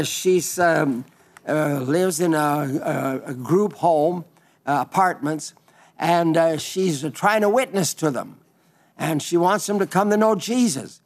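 A man hosting a radio ministry program, reading listener letters and preaching in a folksy, unhurried way with frequent fillers and restarts. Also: a little high.

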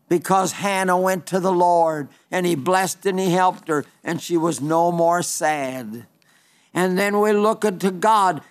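A man preaching a sermon, quoting scripture at length in a slow, earnest way with some restarts. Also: sits high.

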